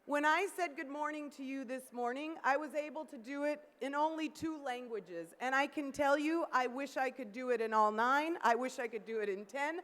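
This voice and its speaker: A woman with a high, fairly bright voice delivers an upbeat keynote at a moderate pace, barely pausing, and invites the audience to call out greetings. The setting is a large conference hall with long hall reverb.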